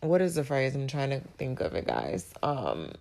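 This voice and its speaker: A woman hosting a podcast in a casual motivational monologue, her voice raspy and hoarse as she recovers from illness, reflective and searching for words. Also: very deep voice, wildly swooping pitch, moderate pace, a little mellow. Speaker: podcast host.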